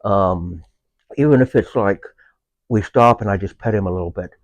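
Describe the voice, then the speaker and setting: A man with a low voice speaks in a relaxed, halting way, often pausing to search for words. He talks as a veteran guest in a casual conversation. The sound is dry and close, with no room echo. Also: lo-fi sound. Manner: halting, unhurried, with many filler pauses. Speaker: veteran guest with a service dog.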